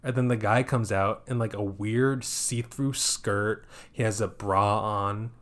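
Fields: Man, casual podcast co-host, animated retelling. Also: on the low side, a little slow. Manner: animated retelling with acted-out quotes and laughter. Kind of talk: casual movie review chat.

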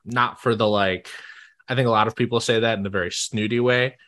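A young man chatting casually as a podcast guest, animated and laughing often with quick asides. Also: lowish voice.

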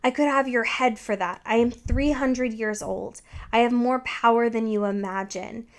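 A woman's voice: on the high side, moderate pace, close to an everyday voice. Cast a woman reading a haughty, menacing ancient phoenix girl from a fan fiction, in a plain reading voice. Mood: haughty threatening. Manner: haughty, threatening.

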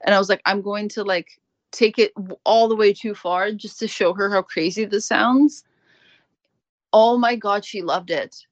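A woman's voice: medium pitch, no room sound, muffled recording. A woman recounting her time managing a magazine team, telling it candidly and acting out quoted dialogue. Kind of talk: interview testimony.

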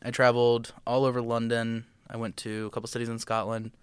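Joking young podcast co-host, smooth voice. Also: male voice, medium pitch, completely flat delivery, fairly quick, no room sound. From United States. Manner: joking, rambling with many "like"s. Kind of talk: casual political podcast chat.

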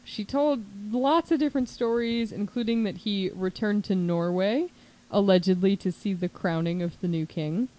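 A woman casually telling a true crime story as a podcast host, chatty and animated, with lots of "like" and quick put-on voices for quotes. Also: mid-range voice, rough recording.

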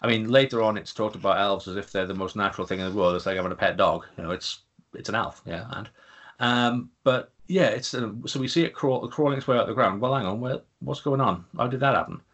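A low-voiced man in casual podcast chat who picks apart a bad film. He sounds exasperated and rambles, often restarting his sentences. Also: quick pace, fairly bright tone, muffled recording. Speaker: podcast co-host.

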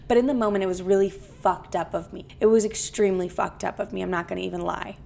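Young woman podcast host, casual solo monologue, blunt and profane with self-mocking humor, vocal fry throughout. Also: medium pitch.

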